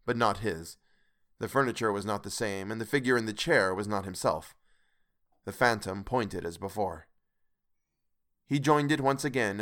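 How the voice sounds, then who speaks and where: A man narrating a classic story in a measured, expressive reading. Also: fairly low pitch, clean tone. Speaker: audiobook narrator. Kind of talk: scripted narration.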